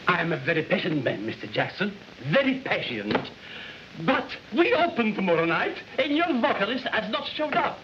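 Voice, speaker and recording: An actor playing a stern, impatient male club owner who speaks in a menacingly measured way. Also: sits high, sing-song, noisy background. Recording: dull old film soundtrack.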